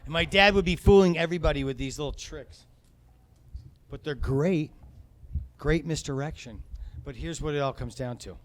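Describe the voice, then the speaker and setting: A man doing stand-up on a comedy club stage, his voice sitting a little high for a man. He rambles and swears freely, jumping from loud rants to quiet, low asides. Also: moderate pace. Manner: profane, rambling, shifts between shouting and quiet asides.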